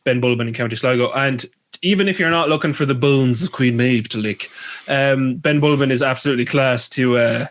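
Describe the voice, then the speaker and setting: A man's voice: medium pitch, fairly quick. A man with an Irish accent hosting a podcast, retelling folklore with rambling, crude jokey asides. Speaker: podcast host. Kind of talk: comedic storytelling chat.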